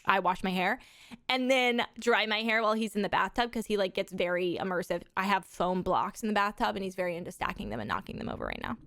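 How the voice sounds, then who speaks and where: A young adult woman livestreaming, chatting casually with viewers in animated stories full of swearing and laughter. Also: mid-range voice, no room sound, clean studio sound.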